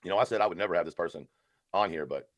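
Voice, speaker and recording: A man's voice: sits low, very fast, no echo. A man hosting a live stream, delivering a sarcastic, mock-solemn support-group speech and then chatting casually with viewers.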